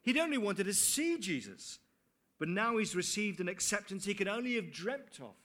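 High, bright-voiced preacher. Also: male voice, very animated, normal speed. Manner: earnest, with rhetorical questions and dry asides. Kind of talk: sermon.

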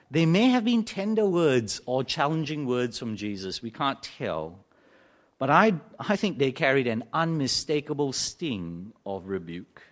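A male preacher giving a sermon in a church, conversational, with questions to the congregation and wry asides. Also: medium pitch.

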